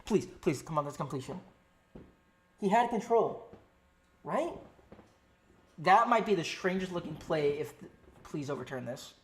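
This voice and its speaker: Excitable fan calling a game live. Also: mid-range voice, a little slow, long pauses. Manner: excitable, pleading, swings between outbursts and quiet muttering; swears often. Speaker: fan streaming play-by-play. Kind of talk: amateur live stream commentary.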